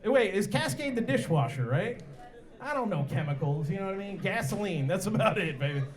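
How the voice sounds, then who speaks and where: Brash high-pitched male comedian. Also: lively intonation, fairly quick. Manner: brash, rowdy, crude. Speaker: stand-up comedian. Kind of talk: stand-up comedy set. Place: bar and grill comedy night.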